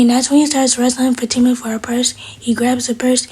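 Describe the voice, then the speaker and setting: Female recap vlogger, airy and breathy, a bit high, talks through each scene casually. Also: flat delivery, brisk, few pauses, a little mellow. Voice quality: breathy, half-whispered delivery. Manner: retells scenes through paraphrased quotes.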